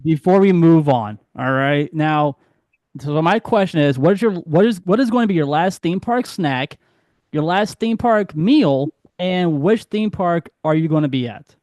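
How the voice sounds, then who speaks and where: A man's voice: a little high, animated, measured pace, a little mellow, no room sound, clean studio sound. A man hosting a casual roundtable chat, eagerly asking questions and often repeating his words. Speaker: podcast host.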